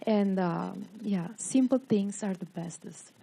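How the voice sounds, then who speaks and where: A woman from Italy with an Italian accent, speaking briefly to a crowd in halting English and laughing often. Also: medium pitch, gravelly, mellow, slight background noise. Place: outdoor street ceremony.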